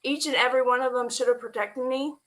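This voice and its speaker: A woman telling an emotional personal story as a guest, animated and quoting the people in it, laughing at times and close to tears. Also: sits high, fast. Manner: animated retelling with quoted dialogue, laughing and near tears. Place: online stream.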